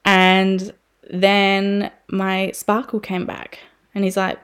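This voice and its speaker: A woman's voice: medium pitch, completely flat delivery, very slow, a bit bright, clear, resonant tone. A woman in her thirties hosting a podcast, talking frankly and chattily, swearing freely with lots of fillers. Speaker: podcast host. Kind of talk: candid personal podcast monologue.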